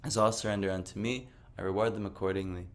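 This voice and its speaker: A man with a fairly low voice tells a personal story in a loose, conversational way. He rambles with many fillers and restarts and sounds quietly amused at himself. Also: level tone, quick pace, very noisy. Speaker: devotional speaker. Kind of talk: casual personal testimony talk.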